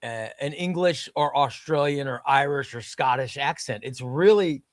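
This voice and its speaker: A man's voice: medium pitch, normal speed, no room sound, studio quality. A man hosting a casual chat, rambling and repeating words as he talks. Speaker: host.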